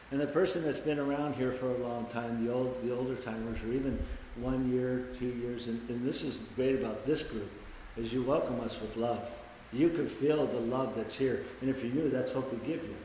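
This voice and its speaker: A man in his twenties sharing his recovery story with a group, swearing freely and acting out voices with big jumps in pitch. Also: darkish tone. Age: 20s. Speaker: recovery meeting speaker. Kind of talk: personal recovery share to a group. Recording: very echoey hall with long reverb, faint background noise.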